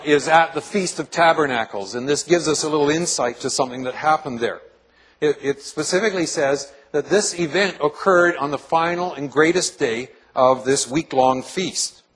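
A man's voice: a little high, fairly bright tone, husky, rough recording. A male pastor preaching a sermon to his congregation in a church, earnestly asking them questions.

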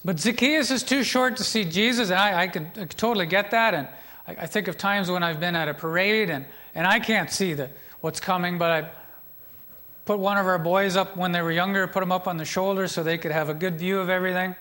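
A man's voice: sits high, brisk, pushed and bright. A middle-aged man preaching a sermon as pastor, retelling a story with joking asides to the congregation.

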